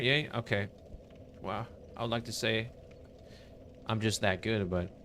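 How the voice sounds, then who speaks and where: Bright-voiced casual male game streamer. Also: lowish voice, a little hiss or hum. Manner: laid-back, greets chat members with upbeat enthusiasm. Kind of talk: casual live-stream chat while playing.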